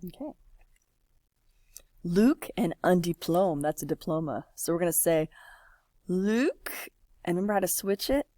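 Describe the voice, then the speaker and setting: Slow, patient woman teaching French. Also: lowish voice, animated, warm tone, no echo, studio quality. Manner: patient, encouraging, slow and drawn-out. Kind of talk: classroom lesson, typing while explaining.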